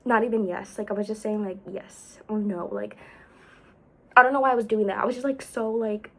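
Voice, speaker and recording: A young woman telling a rambling storytime vlog, full of fillers, jumping between loud exclaims and whispers. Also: mid-range voice, steady tone, a little fast, poor audio. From United States. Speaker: vlogger.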